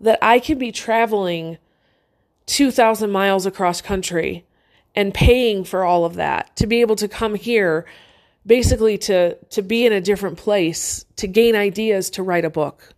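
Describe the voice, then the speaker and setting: A woman's voice: medium pitch, moderate pace, darkish tone. A middle-aged woman casually telling a personal story, chatty and earnest, with many fillers and restarts.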